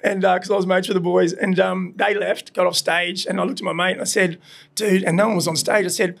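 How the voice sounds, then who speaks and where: A middle-aged Australian man with a high, gravelly voice that carries a lot of fry, telling stories in loose, colourful, animated fashion. He laughs and swears through his anecdotes. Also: brisk. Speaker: podcast guest, burger restaurant owner. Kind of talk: casual storytelling chat. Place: his burger restaurant.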